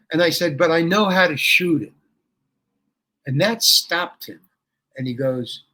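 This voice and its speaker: An older man tells a story as an interview guest, bright and forceful in tone. He acts out each line of dialogue with lively energy and a bit of swearing. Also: on the high side, measured pace, pauses often. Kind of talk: storytelling anecdote.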